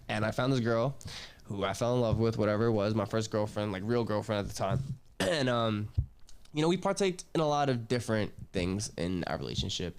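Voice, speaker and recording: A man's voice: on the low side, smooth. A young man hosting a podcast, telling a personal story in a loose, slangy way, swearing, trailing off and restarting. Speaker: podcast host.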